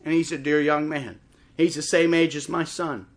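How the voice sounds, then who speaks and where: A middle-aged man preaching a sermon in church, impassioned and swelling toward shouts. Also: on the high side, steady tone, moderate pace. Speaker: pastor. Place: church service before a congregation.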